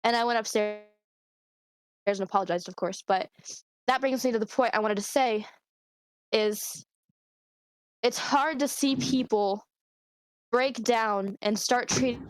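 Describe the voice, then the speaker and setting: A woman's voice: fairly high pitch, unhurried, long pauses, no echo. Young woman confiding, candid and rambling. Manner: open, rambling, emotional confiding with frequent swearing. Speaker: podcast co-host. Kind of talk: casual chat.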